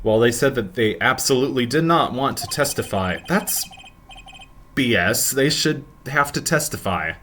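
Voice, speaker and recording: A man's voice: medium pitch, animated, moderate pace, hardly any pauses, sharp tone, slight background noise. A man doing casual, sarcastic let's-play commentary, mocking the game as he reads its lines aloud.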